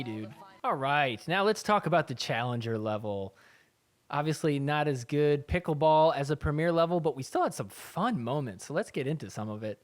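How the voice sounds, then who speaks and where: A man hosting a podcast, casually recapping sports clips with a sarcastic, chatty manner. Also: on the high side. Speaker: podcast host.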